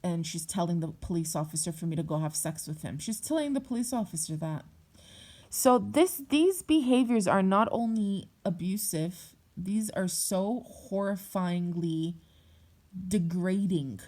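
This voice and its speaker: A woman's voice: fairly low pitch, expressive, unhurried, mellow. A young adult woman vlogger speaking bluntly and heatedly in a personal monologue, swearing often.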